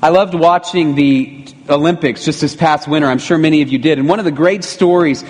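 A man's voice: on the high side, fairly quick, a little mellow. A middle-aged male pastor preaching a sermon in a conversational way, with rhetorical asides to the congregation. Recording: long reverb of a church hall.

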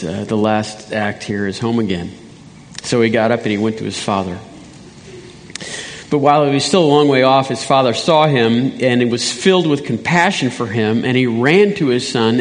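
A man's voice: medium pitch, moderate pace. A man preaching as a pastor, reading scripture aloud and bringing others up to tell their stories. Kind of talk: sermon with testimony interview. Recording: long reverb of a church hall.

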